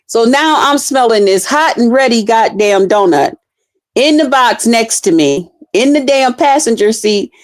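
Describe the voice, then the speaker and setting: A woman's voice: medium pitch, no echo, studio quality. A woman telling a story in a casual, blunt way, swearing freely and laughing as she talks.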